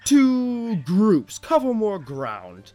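A man's voice: high-pitched, huge pitch swings, very slow, pitched above the performer's own voice, heavily acted. A man voicing a fussy male king who stammers politely through his orders.

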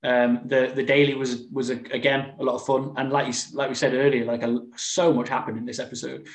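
A man's voice: medium pitch, flat delivery, a little fast. A man chats casually as a podcast co-host, rambling and restarting his sentences. His voice sits in the middle of the range. The room around him is echoey. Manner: rambling, frequent restarts and fillers. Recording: roomy echo.

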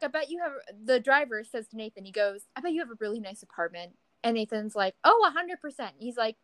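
A young woman with a fairly high voice chats casually on a podcast, recorded close and dry. She tells a story with animated delivery, leaping up in pitch whenever she acts out someone speaking. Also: no room sound, poor audio. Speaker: podcast co-host. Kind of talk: casual chat.

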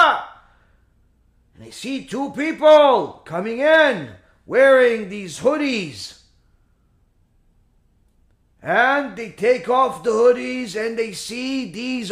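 A man's voice: extremely high pitch, lively intonation, slow, a bit bright, echoey room. A man telling a religious story as a sermon, dramatic and acting out scenes with sound effects.

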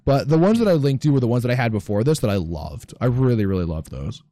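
A man's voice: mid-range voice, lively intonation, quick pace, mellow, no room sound, studio quality. A man co-hosting a podcast in casual chat, loose and profane, full of fillers. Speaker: podcast co-host.

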